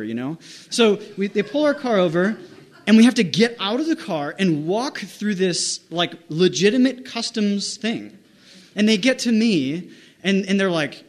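High-voiced man telling a rambling story. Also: big pitch swings. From United States. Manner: rambling, self-mocking, with quick restarts and voiced quotes. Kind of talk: casual spoken anecdote.

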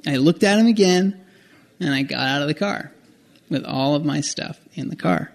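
A man telling a personal travel story in a rambling, self-correcting, animated way. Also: fairly high pitch, moderate pace, gravelly.

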